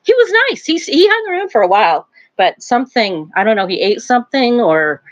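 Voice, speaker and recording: A woman's voice: a little high, sing-song, a little fast, dull audio. An older woman hosting a casual live stream from home, chatting in a rambling way and laughing often. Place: home, near a wood stove.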